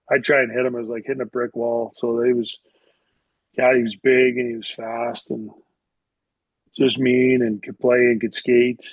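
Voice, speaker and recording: A mid-range male voice with vocal fry and a breathy edge belongs to a middle-aged former hockey player. As a podcast guest, he rambles through casual anecdotes full of filler words. The audio is dry, dull, and lo-fi.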